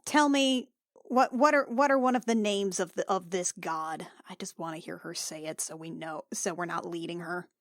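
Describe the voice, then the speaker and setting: A woman's voice: lowish voice, fairly even intonation, moderate pace, no echo, clean studio sound. A woman playing in a tabletop game, blunt and impatient, swearing as she questions a captive. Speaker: player. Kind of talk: casual tabletop play.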